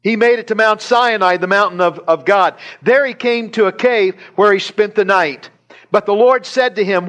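Male pastor, fairly high voice; animated sermon storytelling with repetition. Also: normal speed. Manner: animated retelling with chuckles and repetition. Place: church service.

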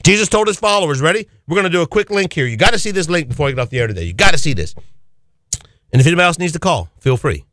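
Fervent male radio preacher, higher voice. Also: lively intonation, very fast, a bit bright, no echo, clean studio sound. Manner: fervent, exclamatory, rhetorical questions.

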